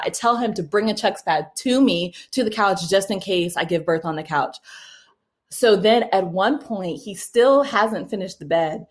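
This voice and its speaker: A young woman casually telling a personal story, animated, laughing often, with quick asides. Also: lowish voice. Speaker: mother telling a birth story.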